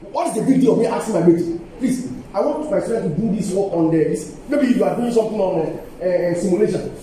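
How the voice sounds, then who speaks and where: Speaking with a Nigerian English accent, an older man delivers an emphatic seminar talk to colleagues in a university lecture hall, coaxing listeners and repeating key phrases. His voice sits high and sounds mellow. The recording, made from a distance in an echoey hall, carries faint ambience and a little hiss or hum.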